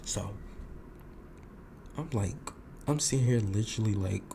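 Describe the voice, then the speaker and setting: A man's voice: on the low side, unhurried, vocal fry, slight background noise. Guy hosting a podcast, acts out the quotes, cusses a lot. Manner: animated, acts out quoted lines, swears. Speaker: podcast host. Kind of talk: casual storytelling monologue.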